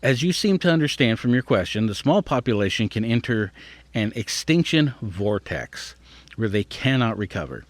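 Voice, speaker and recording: Here a man hosting a podcast reads an article in a sing-song, medium-pitched voice at a moderate pace. He interrupts himself to muse and sometimes stumbles on difficult words; the recording is dry.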